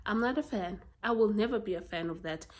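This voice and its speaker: A South African woman with a South African accent, chatting casually about books she has read in a blunt, expressive way and swearing freely. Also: mid-range voice, a little fast. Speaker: book vlogger. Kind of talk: casual book review chat.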